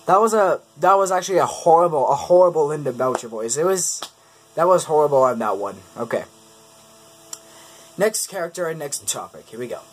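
Casual self-mocking video host. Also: male voice, a little high, animated, a little fast, a little hiss or hum, low-quality recording. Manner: self-deprecating, chuckling between takes. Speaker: YouTube host.

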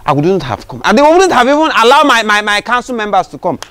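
A man's voice: sits high, big pitch swings, fast, sharp tone, dry recording, heavily acted. A man acting a pompous party leader who talks in a dismissive, laughing way in a comedy skit. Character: self-important male party leader, mockingly calling himself elderly.

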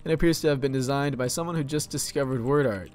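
A man at an average pitch reading out a text horror game and chatting over it, loose and profane, cracking up at the writing. soft music plays faintly in the background. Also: fast talker. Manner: laid-back, sweary, laughs at the game. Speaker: let's play host. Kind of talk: game commentary and reading aloud.

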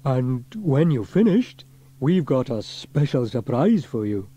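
A man's voice: medium pitch, sing-song, takes it slowly, warm tone, slightly rough, lo-fi sound, exaggerated voice. A man voicing a clumsy, fretful young male firefighter who frets and apologises. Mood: cheerful. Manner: anxious, apologetic.

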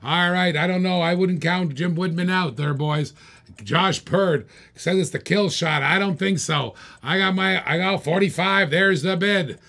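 A man hosting a live-stream auction, calling bids in rapid repeated phrases and egging bidders on. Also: sits high, creaky, pushed and bright. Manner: rapid repetitive bid calling, hyping bidders. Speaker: auctioneer host.

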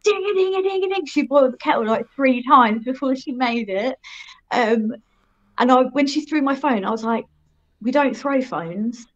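Casting: young woman, frank and rambling storyteller, fairly high voice, dull recording. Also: normal speed, fairly bright tone. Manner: frank, rambling, laughs at herself. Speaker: guest telling her life story. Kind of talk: casual storytelling.

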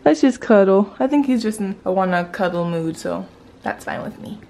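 A young woman and mother vlogging in a casual, gushing, excitable way, often squealing with delight. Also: mid-range voice, normal speed. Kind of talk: casual vlog talk to camera.

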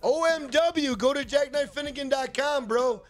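A gaming streamer with a very high voice talks at a moderate pace while live-streaming a game. He rambles casually, jokes, swears, and reads viewers' chat messages aloud.

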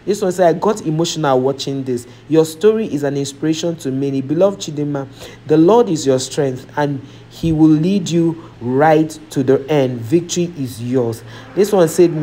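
A woman's voice: sits low, dark tone. A woman vlogger reading viewer comments aloud and reacting with emotional sighs and exclamations.

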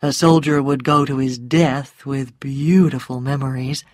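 A woman voicing a self-assured, mocking grown man in a storybook reading, speaking calmly in a low, quiet murmur. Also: a little slow, no echo, clean studio sound. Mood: tender. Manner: calm, low and teasing, dropping to a murmur.

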